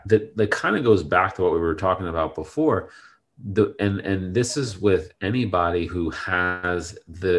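A man's voice: sits low, fairly bright tone. A man talking casually and earnestly about faith, with many fillers and restarts.

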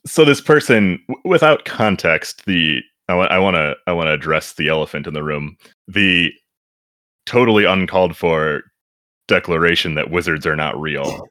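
A man chatting casually on a podcast, animated and quick to laugh, often restarting his sentences. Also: low-pitched, dry recording, studio quality. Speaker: podcast guest reading reviews.

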